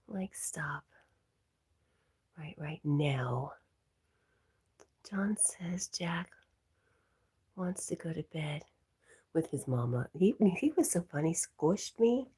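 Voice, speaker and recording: A woman hosting a night livestream, reading chat aloud and talking softly to her dog, sometimes in a whisper, a little wheezy. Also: lowish voice, breathy edge. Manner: soft, often whispering, talks to her dog.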